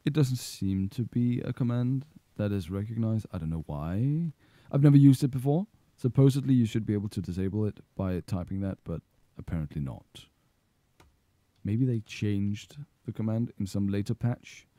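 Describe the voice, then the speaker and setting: A man's voice: lowish voice, lively intonation, normal speed, dark tone, no echo. A man giving a casual video game tutorial, rambling and correcting himself with playful asides. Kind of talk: casual screen-recorded tutorial.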